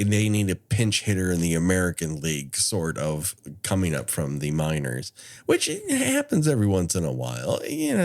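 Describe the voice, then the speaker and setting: A man with a low voice and a lively, swinging delivery chats through a horror film's plot as a podcast co-host. He tosses in wry asides and laughs easily while he recaps. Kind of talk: casual chat.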